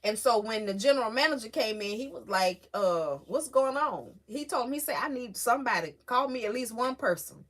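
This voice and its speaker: Woman livestream host, high and bright, chatty and emotional with her chat. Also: fairly quick, hardly any pauses. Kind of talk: casual live-stream chat with viewers.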